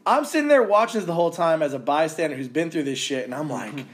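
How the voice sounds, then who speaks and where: Podcast co-host, thirties, high-pitched man, profane animated storyteller. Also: fast. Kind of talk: casual podcast chat.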